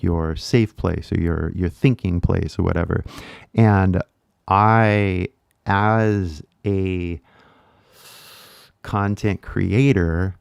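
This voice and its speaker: Young American guy, YouTuber English teacher, low and gravelly, chatty livestream ramble, dry booth sound. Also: darkish tone, no room sound. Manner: rambling, loose, many restarts and fillers. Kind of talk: casual livestream chat.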